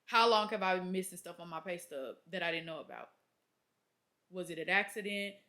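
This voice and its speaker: A woman's voice: on the low side, a little fast. Exasperated young woman ranting to camera. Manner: exasperated, animated storytelling with acted-out quotes. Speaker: labor and delivery nurse, vlogger. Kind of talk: casual venting rant to camera.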